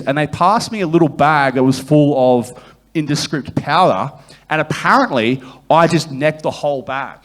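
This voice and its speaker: A man, a guest comedian, telling a rambling, profane anecdote on a live comedy podcast and slipping into quick voiced quotes of other people. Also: a little high, expressive.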